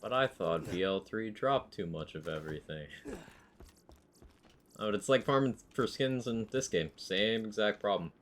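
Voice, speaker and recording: A man streaming a game live, chatting casually with viewers and musing aloud between pauses. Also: lowish voice, expressive, slight background noise. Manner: laid-back, musing aloud, answering chat between pauses.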